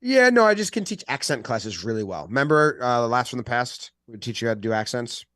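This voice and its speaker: A man co-hosting a sports podcast, bantering in a joking, lively way and poking fun at accents. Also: medium pitch, brisk, dry recording, clean studio sound. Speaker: podcast co-host.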